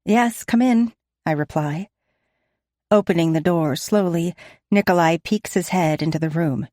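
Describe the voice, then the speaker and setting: A woman narrating a romance audiobook in the first person, in a gentle, descriptive manner. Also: sits low, moderate pace, no room sound, studio quality.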